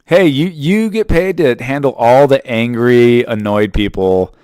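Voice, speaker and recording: A man's voice: medium pitch, unhurried, a little mellow, smooth, no echo, clean studio sound. Rambling, profane man in his thirties. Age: 30s. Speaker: podcast host. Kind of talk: casual monologue.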